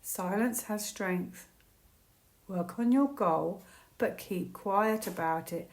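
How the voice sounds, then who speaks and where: A woman from the United Kingdom giving a casual solo tarot reading, musing aloud and breaking into excited, laughing exclamations. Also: mid-range voice, slow, echoey room. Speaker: tarot reader.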